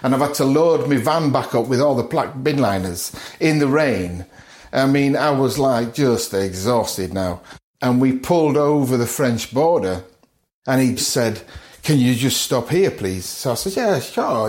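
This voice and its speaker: A man's voice: medium pitch, lively intonation, unhurried, a little mellow. A middle-aged man from the north of England, a podcast guest telling his story vividly, acting out other people's lines and chuckling often. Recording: roomy echo.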